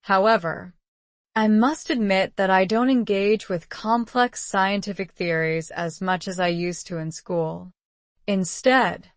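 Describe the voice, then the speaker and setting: Lady reading sample exam answers, steady and polished, mid pitch, dry close mic. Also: dry recording. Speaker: reader of model exam answers.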